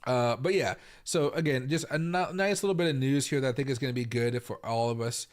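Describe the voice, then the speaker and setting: A young adult man from the US Pacific Northwest hosts a casual live commentary stream. He rambles and repeats himself, packs his talk with fillers, and now and then breaks into a sudden loud outburst. His voice sits at an ordinary, middle pitch for a man. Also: a little fast. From Tacoma, Washington, US. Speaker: crypto market livestream host.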